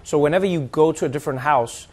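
A man from South Africa telling a lively, animated story in casual chat, slipping into other people's accents. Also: fairly high pitch, quick pace, heavy background noise. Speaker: host.

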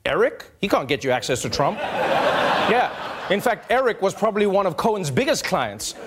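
A man's voice: high voice, big pitch swings, moderate pace, heavy background noise. A man hosting a late-night comedy show, delivering a satirical monologue in a wry, punchline-driven way. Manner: wry, punchline-driven, laughs between jokes.

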